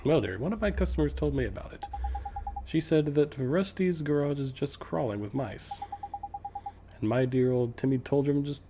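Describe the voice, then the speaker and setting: A man's voice: medium pitch, animated, normal speed, gravelly, background noise. A man voicing a fussy, doting middle-aged woman who coos over her cat in baby talk. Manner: cooing, fussing baby talk.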